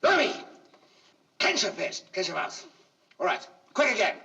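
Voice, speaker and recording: A man directing child actors on a film set, coaxing them gently and then urging them on with quick, insistent cues, recorded on an old archival soundtrack. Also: sits high, big pitch swings, vocal fry. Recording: distant, dull, hissy archival recording.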